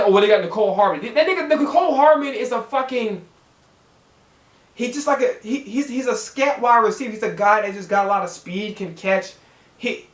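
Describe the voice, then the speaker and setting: A man's voice: high voice, fairly bright tone. A man hosting a football reaction video, ranting with heavy profanity and lots of repetition. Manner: profane, ranting, repeats himself. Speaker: sports fan channel host. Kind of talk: heated football reaction rant. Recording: roomy echoey room.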